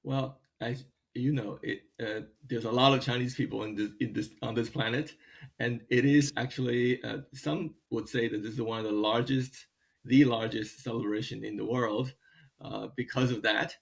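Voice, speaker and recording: A man being interviewed as the director of a dance company, answering slowly with many pauses and restarts. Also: mid-range voice, fairly even intonation, creaky. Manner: halting, many fillers and restarts.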